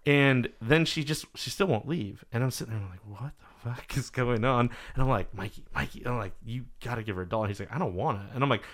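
Hombre animado que cuenta anécdotas. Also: male voice, medium pitch, quick pace, hardly any pauses. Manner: animated storyteller, swears freely, acts out quotes. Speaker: podcast host. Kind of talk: casual chat.

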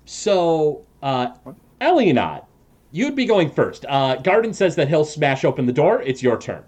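A man's voice: fairly high pitch, sing-song, a little mellow, breathy edge. A man narrating a tabletop game as game master, with lots of fillers and restarts. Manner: halting, many fillers and restarts.

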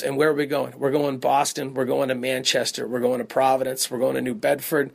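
A man hosting his own comedy podcast, telling a long story in a rambling, profane, animated way with quick asides. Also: mid-range voice, gravelly, slightly rough. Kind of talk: casual storytelling monologue.

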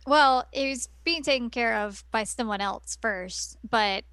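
A young woman co-hosting a casual anime podcast, giggly and expressive as she chats. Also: fairly high pitch, unhurried, smooth, no room sound. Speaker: podcast co-host. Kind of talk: casual anime recap chat.

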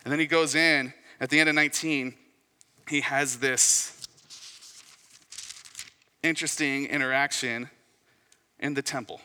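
A man gives a sermon in a loose, conversational manner, telling it like a story and voicing short quotes along the way. His voice is very bright and sits at a middling pitch. The sound rings out with the long reverb of a large hall. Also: fairly even intonation, measured pace, long pauses, clear, resonant tone. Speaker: pastor.

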